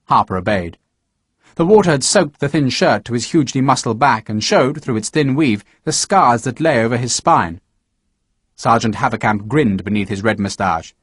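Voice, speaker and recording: Man reading an audiobook in a lively voice. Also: medium pitch, moderate pace, slightly rough, no room sound, studio quality. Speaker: audiobook narrator. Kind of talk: audiobook narration.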